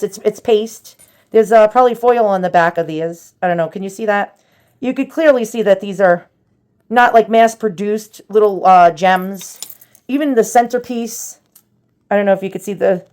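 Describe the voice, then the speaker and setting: A woman hosting a casual show-and-tell vlog, chatty and rambling, with many fillers and restarts, nervous and self-deprecating. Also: mid-range voice. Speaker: antiques vlogger.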